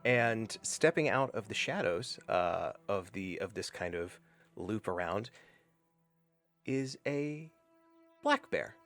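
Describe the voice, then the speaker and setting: A man's voice: on the low side, animated, slow pace, pauses often, a bit bright, faint music behind. A man narrating as game master, speaking loosely with fillers and restarts.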